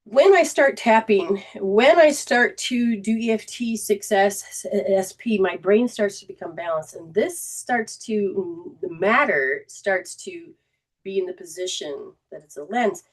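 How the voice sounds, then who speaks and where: Female metaphysical teacher, livestream host, mid-pitched, rambling and repetitive, acts out quotes. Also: expressive, measured pace. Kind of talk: livestreamed spiritual talk.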